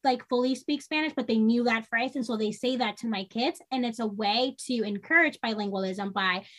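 A social worker from New York state, guesting on a casual podcast, talks with earnest energy at a fairly quick pace in a slightly high, somewhat bright voice. She occasionally performs the voices of the people she's quoting.

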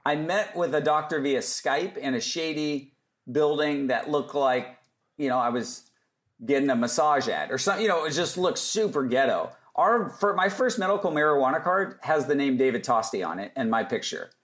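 A man's voice: fairly high pitch, moderate pace, a bit bright. A man as a podcast guest, telling casual stories and acting out other people's lines as he goes. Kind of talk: casual storytelling interview.

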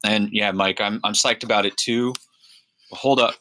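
An American podcast co-host tells a meandering, casual story with fillers and restarts, speaking in a lowish, pushed, bright voice. He's unhurried and pauses often, and there's no echo.

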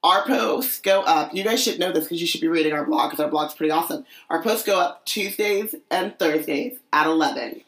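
A woman's voice: on the low side, a little fast, few pauses, fairly bright tone. A woman co-hosting a casual podcast, telling stories and acting out what people said. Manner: storytelling, acts out quotes. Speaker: podcast co-host. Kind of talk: casual chat.

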